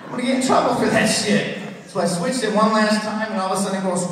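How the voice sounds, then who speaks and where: A man's voice: a little high, lively intonation, fast talker, a bit bright. A man in his thirties doing a crude, rambling stand-up comedy set on a theater stage. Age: 30s. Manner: crude, rambling storytelling with many put-on voices. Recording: echoey hall, from far off.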